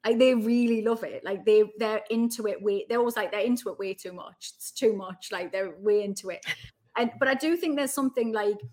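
A woman's voice: medium pitch, brisk. Chatty Geordie woman, light posh edge. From Newcastle, England. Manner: chatty, animated storytelling with lots of "like". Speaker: podcast guest. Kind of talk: casual chat.

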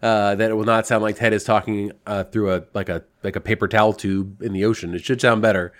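A man co-hosting a sports podcast in casual chat, slightly hoarse, with a dry, wry humor. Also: fairly low pitch, little pitch movement, fast. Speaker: podcast co-host.

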